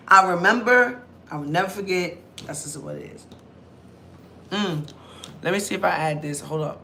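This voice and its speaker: Young woman vlogger: bright tone, loud chatty storytelling, a faint hum of noise behind her. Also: on the low side, normal speed. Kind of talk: casual talk to camera.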